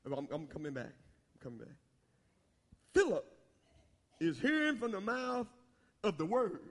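Preacher guy, real high voice, folksy, laughs a lot mid-sermon. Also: big pitch swings, a little slow, fairly bright tone. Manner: folksy, laughing often, asks the congregation questions.

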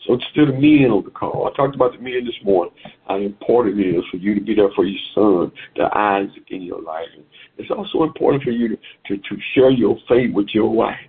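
A man's voice: on the low side, animated, fairly quick, breathy edge. A man preaching a sermon over a phone call, exhorting and repeating phrases in a sing-song cadence. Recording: tinny phone line.

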